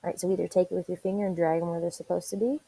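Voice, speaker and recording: A woman teacher leading an online reading lesson for young children, spelling words out slowly and encouraging them. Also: fairly low pitch, level tone, gravelly, warm tone, breathy edge, dry recording, low-quality recording. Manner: encouraging, slow and deliberate spelling aloud.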